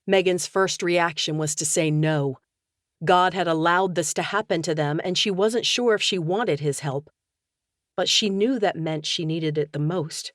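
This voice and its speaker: A woman narrating an audiobook in a steady, measured way. Her voice sits on the low side. The recording is close and dry. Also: dry recording. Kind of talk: scripted narration.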